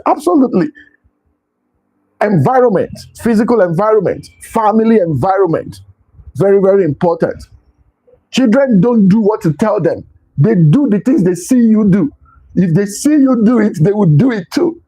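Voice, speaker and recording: A man's voice: high-pitched, lively intonation, moderate pace, warm tone, breathy edge, poor audio. A man giving a motivational talk as host, stressing points by repeating them. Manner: emphatic, repeats key phrases.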